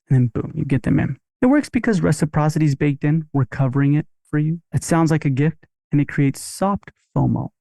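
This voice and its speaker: A man's voice: fairly high pitch, animated, a little fast, vocal fry, few pauses, dark tone, no echo. A man teaching dental marketing on a podcast, in a punchy, upbeat coaching manner.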